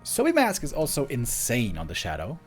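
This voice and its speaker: A man commentating a strategy game match solo, chatty and excitable, laughing often and rambling off-topic. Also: medium pitch, fairly quick, husky, faint music behind. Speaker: esports caster.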